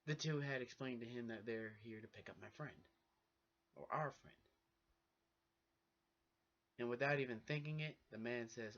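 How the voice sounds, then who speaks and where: A young man vlogging casually, telling a personal story in an animated way and acting out what people said. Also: fairly low pitch, normal speed, pauses often. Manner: animated, acts out the dialogue of people in his stories. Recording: dull lo-fi recording.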